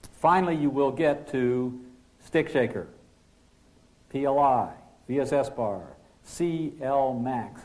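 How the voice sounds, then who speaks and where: A man lecturing pilots as a flight instructor, emphatic, asking rhetorical questions and dropping his voice low for key points. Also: darkish tone. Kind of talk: classroom lecture.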